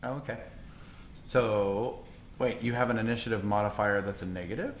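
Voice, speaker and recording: A man's voice: lowish voice, normal speed, a little hiss or hum. A man running a tabletop role-playing game as game master, narrating expressively.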